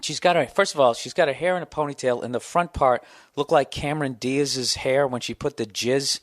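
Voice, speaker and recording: A man in his forties, a comedian hosting his podcast, telling a long profane story in a ranting, animated way. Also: medium pitch, a little fast, no echo, studio quality. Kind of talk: casual storytelling monologue.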